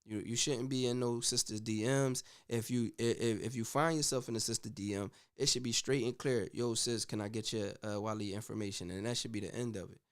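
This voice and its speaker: A man's voice: mid-range voice, fairly quick, few pauses. Slangy man hosting a commentary talk. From United States. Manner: animated, slangy, repeats "you know what I'm saying". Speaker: host. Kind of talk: casual commentary on a video.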